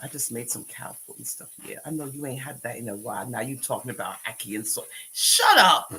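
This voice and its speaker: A woman's voice: a bass voice, fast talker, slight background noise, low-quality recording. A woman with a Jamaican accent doing a live-stream commentary, scolding people and talking back to her chat with patois phrases mixed in.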